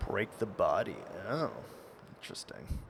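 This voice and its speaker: A man's voice: fairly low pitch, sing-song, a little slow, gravelly, noisy background. A young man streaming a game, chatting casually and rambling with stumbles and restarts. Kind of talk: casual gameplay chat.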